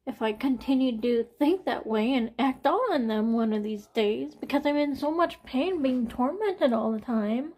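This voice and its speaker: A woman in her forties talking candidly in a personal vlog. She sounds anxious and near tears, and her speech is halting, with sighs, swearing and repeated words. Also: high voice, a little mellow. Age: 40s. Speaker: vlogger.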